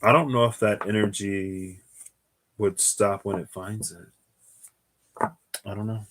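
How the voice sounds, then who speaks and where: A man's voice: on the low side, fairly even intonation, unhurried, a bit bright. A tired young man chatting casually as he reads tarot, musing aloud and trailing off with sighs. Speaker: tarot reader. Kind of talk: casual solo tarot livestream.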